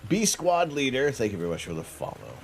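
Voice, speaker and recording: A man's voice: medium pitch, wildly swooping pitch, a little fast, vocal fry, slight background noise. A man hosting a casual astronomy livestream from home, joking and laughing as he chats with viewers. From Canada.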